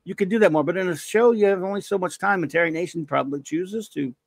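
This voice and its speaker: A man hosting a podcast in a casual, rambling way, reading out listener reviews and breaking into jokes and bursts of shouting. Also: sits high, quick pace, no room sound. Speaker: podcast host.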